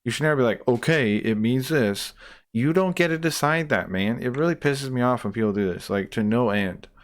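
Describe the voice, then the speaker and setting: Smooth-voiced man in a profane rant. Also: mid-range voice, lively intonation, brisk. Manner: profane, exasperated ranting; repeats and restarts while worked up. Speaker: streamer reacting to a debate clip. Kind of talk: heated reaction commentary.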